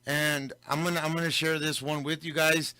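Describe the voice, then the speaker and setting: A man's voice: on the high side, level tone, moderate pace, bright, forceful tone, clean tone, no echo. A man hosting a local radio show, telling a story and switching between English and Spanish. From Del Rio, Texas. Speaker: radio host. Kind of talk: casual radio talk.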